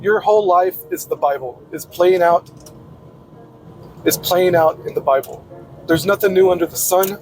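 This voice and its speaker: A man's voice: high-pitched, moderate pace, long pauses. Blunt, preachy man over music. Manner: blunt, preachy, swears casually. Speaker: podcaster. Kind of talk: casual monologue.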